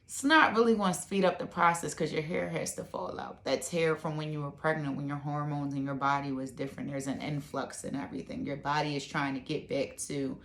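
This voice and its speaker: A woman's voice: sits low, steady tone, fairly quick, few pauses. A woman vlogger chatting casually to her camera at home, rambling with lots of fillers. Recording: echoey room.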